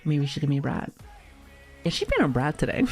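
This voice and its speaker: Over soft background music, a woman streamer chats casually with her viewers in a low, darkish voice that swings hugely in pitch and moves at a quick pace. She's playful and giggly, laughing often and swearing lightly.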